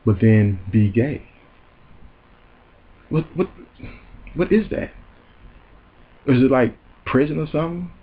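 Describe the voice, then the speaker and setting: A man's voice: mid-range voice, animated, slow, long pauses, husky, narrow, tinny audio. A man hosting a comedy show, delivering a heated, profane and mocking rant. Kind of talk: ranting comedic commentary.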